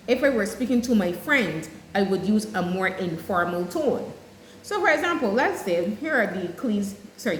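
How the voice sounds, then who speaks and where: A woman teacher giving an English lesson, explaining clearly and speaking straight to her students. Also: mid-range voice, slight background noise. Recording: echoey room with faint ambience.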